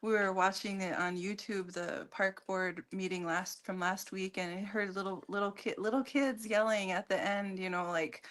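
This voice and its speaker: A woman talking as a guest on a radio show in a casual, halting way, with many fillers and restarts. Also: medium pitch, fairly even intonation, a bit bright. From Minnesota. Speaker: guest, community organization leader.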